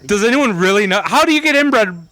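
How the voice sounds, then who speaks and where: A man's voice: high-pitched, lively intonation, fairly quick, pushed and bright, no room sound. A young man co-hosting a podcast, telling crude, profane stories in casual chat. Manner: profane, laughing storyteller. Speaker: podcast co-host.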